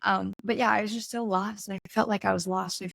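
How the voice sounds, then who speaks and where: A woman in her twenties, a guest in an in-person podcast studio, tells a story in casual conversation with a gravelly, creaky edge to her mid-range voice. Her tone is steady and fairly bright, and she talks briskly in a loose, chatty way, saying "like" often and reenacting her own quotes. The sound is close and dry, with no room around it.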